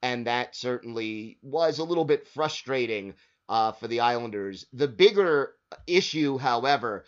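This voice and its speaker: A man's voice: medium pitch, expressive, unhurried. A man hosting a podcast, breaking down a hockey game in casual talk with frequent "uh" and "you know". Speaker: podcast host. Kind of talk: casual sports podcast analysis. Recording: slightly dull, lo-fi podcast audio.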